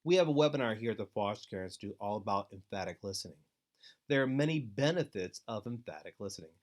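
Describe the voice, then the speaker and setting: A man giving an instructional webinar talk to foster parents, earnest and deliberate, with steady advising emphasis. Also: fairly low pitch. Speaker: foster care trainer.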